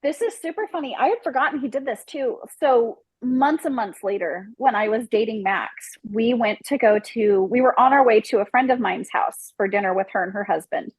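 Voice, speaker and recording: A woman guest on a podcast telling a dating disaster story in a lively way, acting out the people in it and laughing as she goes. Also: fairly high pitch, a little fast, few pauses, slightly rough, no room sound, rough recording. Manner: animated, acts out the people in her story, laughs mid-story.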